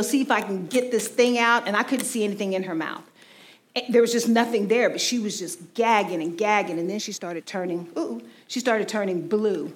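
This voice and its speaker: A woman's voice: on the high side, a bit bright. A woman in her forties giving a personal faith testimony in a conversational, storytelling way, often saying "you know". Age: 40s. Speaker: ministry team speaker.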